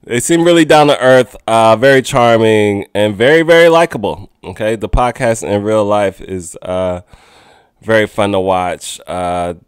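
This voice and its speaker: A young man hosts a podcast alone, rambling through a goofy, casual monologue and laughing often, outdoors in a city with sirens. His fairly low voice is smooth and unhurried. The sound is clean studio quality with no room sound.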